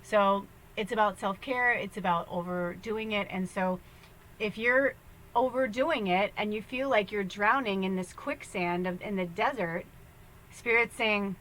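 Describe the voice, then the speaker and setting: Chatty bright-voiced woman giving a reading. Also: medium pitch, measured pace, a little hiss or hum, rough recording. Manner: chatty and rambling, laughing often, jumping between thoughts. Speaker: spiritual medium giving a tarot reading. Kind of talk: casual spiritual guidance talk.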